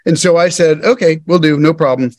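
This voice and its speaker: A man's voice: on the high side, fast talker, dry recording. A man in his thirties, a podcast guest casually telling his business story and acting out the dialogue as he goes. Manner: animated storyteller who acts out quoted dialogue.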